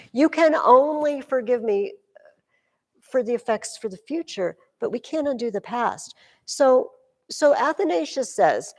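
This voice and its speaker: A woman teaching a high school class, explaining with energy and acting out quotes dramatically. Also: creaky, in a large hall. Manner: lively, acts out quotes dramatically. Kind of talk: classroom lecture.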